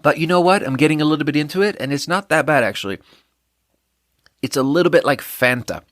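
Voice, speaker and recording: A man's voice: on the high side, fast talker, fairly bright tone, dry recording, clean studio sound. Rambling man, casual podcast chat. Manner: rambling, self-deprecating, trails off and restarts. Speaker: podcast host.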